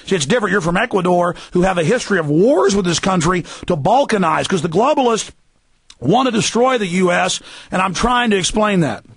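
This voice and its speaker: Gravelly ranting male radio host. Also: high voice, animated, fairly quick, no room sound. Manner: emphatic, ranting, raises voice to a shout. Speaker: radio talk show host. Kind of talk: heated talk radio rant.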